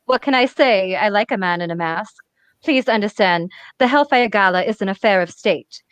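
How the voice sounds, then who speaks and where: A woman's voice: medium pitch, moderate pace, a bit bright, smooth, dry recording, close to an everyday voice. A woman reading as a snooty, icy society hostess. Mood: haughty. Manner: cool, clipped, condescending. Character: haughty snooty rich woman, icy host. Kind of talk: comic book read-aloud. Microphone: webcam.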